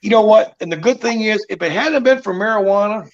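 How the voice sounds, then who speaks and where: A man's voice: high-pitched, brisk, highs cut off. A man in casual chat, telling stories in a folksy, profane and emphatic way.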